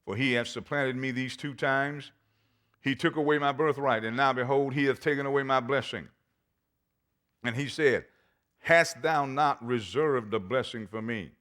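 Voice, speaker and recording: A man's voice: medium pitch, moderate pace, fairly bright tone. A man, a pastor, preaching a sermon and reading scripture aloud with dramatic emphasis. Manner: reads scripture aloud in old-fashioned wording.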